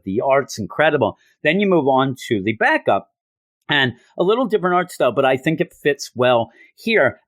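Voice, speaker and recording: A man's voice: medium pitch, fairly bright tone, dry recording. Chatty man reviewing comics. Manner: chatty, retells scenes with acted quotes; loose with fillers and restarts. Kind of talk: casual review chat.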